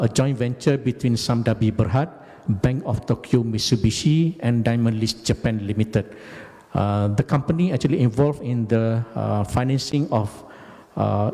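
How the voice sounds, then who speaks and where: A man, giving a halting, deliberate lecture about his career. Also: medium pitch, dark tone, in a large hall. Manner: halting, deliberate, frequent hesitations. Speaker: guest lecturer, company managing director.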